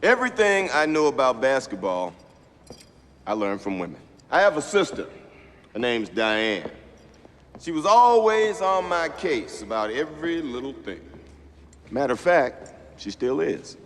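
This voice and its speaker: Coach Carter, a lively gym coach. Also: male voice, medium pitch, unhurried, long pauses. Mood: wry, commanding. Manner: animated, playful storytelling to players. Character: stern male basketball coach lecturing his team. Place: gymnasium. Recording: film audio with long reverb in a gym.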